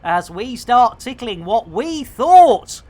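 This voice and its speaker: A man's voice: very high voice, big pitch swings, slow pace, warm tone. A man giving playful, theatrical commentary on a live game stream. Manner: jokey, theatrical, lots of pet phrases.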